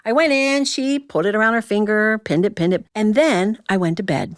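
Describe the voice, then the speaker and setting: A woman's voice: medium pitch, lively intonation, moderate pace, hardly any pauses. A woman storyteller speaking to a live audience in a humorous, chatty way, teasing her listeners.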